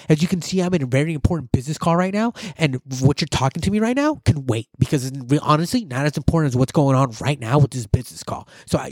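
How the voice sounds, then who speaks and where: A man's voice: on the high side, darkish tone, slightly rough, dry recording. A man doing a condescending businessman. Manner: patronizing, lecturing. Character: arrogant, condescending businessman on a call.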